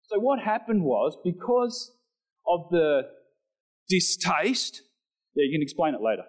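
At a measured pace, a pastor delivers a lively sermon captured on a low-quality recording. He reads scripture with his pitch lifting, and addresses the congregation directly through conversational asides.

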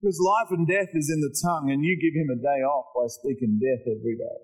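A man's voice: on the high side, fast talker, a little mellow, slightly rough, poor audio. A man preaching a sermon as a pastor, joking and mimicking complaining voices. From Australia.

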